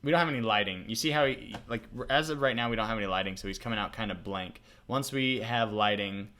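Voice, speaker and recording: Male tutorial host, lower voice, chatty and easily thrilled, light keyboard tapping behind. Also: fast talker, a little hiss or hum. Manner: excitable, laughs often, talks to himself while coding. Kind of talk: casual screen-recorded coding tutorial.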